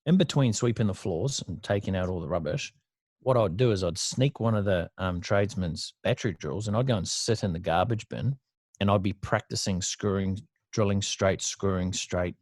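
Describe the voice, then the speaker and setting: Low-voiced blunt Australian man. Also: normal speed, a little mellow, dry recording, clean studio sound. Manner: blunt, swears freely, chatty slang. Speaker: guest entrepreneur. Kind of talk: casual storytelling interview.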